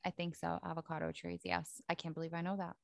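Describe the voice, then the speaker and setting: A woman's voice: fairly low pitch, little pitch movement, fast, gravelly, no echo, clean studio sound. A young woman co-hosting a casual podcast, bubbly and jokey, easily amused by her own lines. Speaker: podcast co-host. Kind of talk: casual chat.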